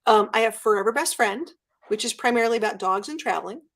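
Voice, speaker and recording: A woman guest chatting casually in an interview, telling stories with lively acted-out quotes. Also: on the high side, fast talker. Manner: animated storyteller, acts out quotes. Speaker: guest YouTuber.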